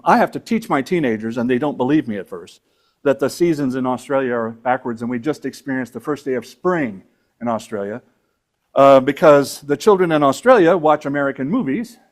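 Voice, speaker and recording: In a meeting room before an audience, a man lectures an astronomy club in a conversational, rambling way, full of fillers and asides. His mid-range voice is expressive and runs a little fast.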